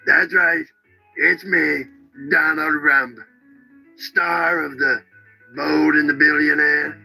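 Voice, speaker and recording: A man's voice: a little high, steady tone, vocal fry, pushed and bright, faint music behind, heavily acted, rough recording. A man voicing a boastful billionaire TV-star parody who brags in superlatives. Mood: bragging. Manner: bragging, repeats superlatives, drawn-out words. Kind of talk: parody ad for a fake soap opera.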